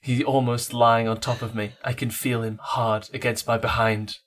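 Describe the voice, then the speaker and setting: A man's voice: medium pitch, flat delivery, moderate pace, a bit bright, lightly acted. A man reading aloud as a woman narrating a steamy romance scene, in a hammed-up voice. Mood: breathy reading. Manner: theatrical romance reading in a mock northern voice. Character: adult woman narrator-heroine, breathless.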